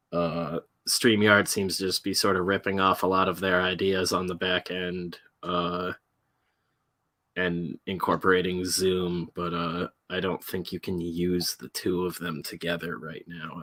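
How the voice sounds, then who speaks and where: Man, low bright voice, casual stream chat, rambling, swears a lot. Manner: swearing, rambling with many fillers. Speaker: podcast co-host.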